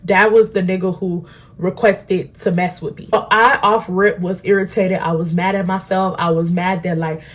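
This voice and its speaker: A young adult woman at home, telling an animated, slangy story while doing her makeup. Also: fairly low pitch, moderate pace. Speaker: beauty vlogger.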